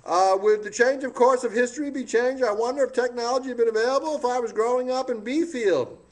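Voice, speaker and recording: A comedian does a tribute impression of a scatterbrained, boastful old newspaperman, his voice pitched extremely high and his delivery fast. The comic monologue rambles off topic as the older character loses his place, digresses and stammers over his words.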